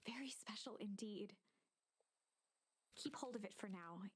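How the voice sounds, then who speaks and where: A woman voicing the measured storybook narrator of a video game, sometimes dropping to a whisper. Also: medium pitch, animated, darkish tone, husky. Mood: confiding. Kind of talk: scripted narration. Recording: game audio with music underneath. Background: game music.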